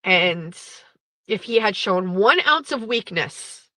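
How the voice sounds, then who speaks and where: A woman's voice: fairly high pitch, expressive, measured pace, bright, forceful tone, dry recording, low-quality recording. A woman host in her thirties, candidly telling a personal story with blunt, profane, emotional language. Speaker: podcast host.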